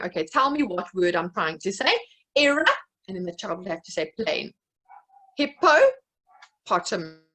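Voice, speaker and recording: Woman, South African accent, speech therapist, webinar presenter, explanatory, mid pitch. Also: a bit bright, slightly rough, low-quality recording. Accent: South African English. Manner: explanatory, gives classroom examples with fillers.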